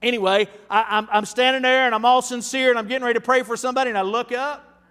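A man in his fifties preaching a storytelling sermon, folksy and animated, with frequent restarts. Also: extremely high pitch, fast, clean tone, in a large hall. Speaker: pastor.

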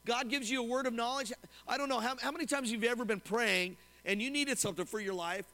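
A man preaching a sermon as pastor to his congregation, animated and often asking them questions. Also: very high voice, fast talker. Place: church sanctuary. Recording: long hall reverb.

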